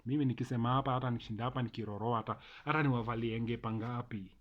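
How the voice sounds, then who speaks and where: A man's voice: medium pitch, fairly even intonation, racing, lo-fi sound. A middle-aged man with a Kenyan accent, delivering an emphatic, repetitive opinion monologue to camera as a vlogger. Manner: ranting, emphatic, repeats phrases.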